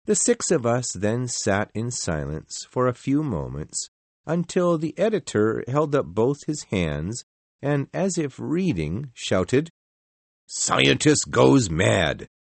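Man narrating a story, very expressive. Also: mid-range voice, dry recording. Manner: measured, expressive reading.

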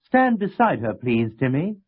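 A man's voice: mid-range voice, big pitch swings, measured pace, breathy edge, voice pushed up. A man voicing a friendly boy who politely tells people where to stand for a photo. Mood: cheerful. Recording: tinny lo-fi tape.

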